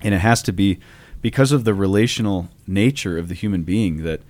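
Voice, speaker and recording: A man's voice: low-pitched, fairly quick, a little mellow, no echo. A man co-hosting a podcast, talking conversationally about theology and telling anecdotes. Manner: conversational, digressive, with anecdotes and fillers. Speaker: podcast co-host. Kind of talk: casual theological discussion.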